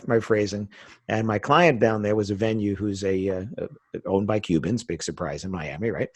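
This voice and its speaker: A man's voice: on the low side, no room sound. A middle-aged American man from the United States, a podcast guest chatting casually and telling stories with frequent laughs. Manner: chatty storyteller, laughs often.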